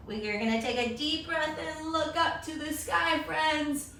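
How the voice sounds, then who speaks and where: Bright, slow-spoken woman teaching kids' yoga. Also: sits high, slight background noise. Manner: upbeat, encouraging, does animal sounds. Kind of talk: children's yoga lesson. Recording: echoey room, distant mic.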